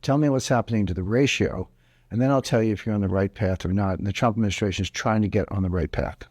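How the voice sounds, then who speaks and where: Fairly low and darkish with a breathy edge, this man talks quickly in a dry studio recording. He's an economic commentator in an interview, explaining emphatically and pounding his key points home.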